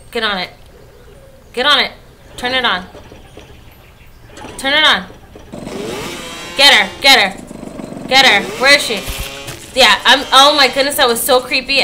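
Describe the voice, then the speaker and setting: A high-pitched woman with a twang narrates her gameplay in a jumpy, chatty way, often hollering at the screen. Her voice is bright and sharp, with a faint hiss of ambience behind it. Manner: jumpy and talkative, often yelling at the game. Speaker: gaming YouTuber. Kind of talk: let's play commentary.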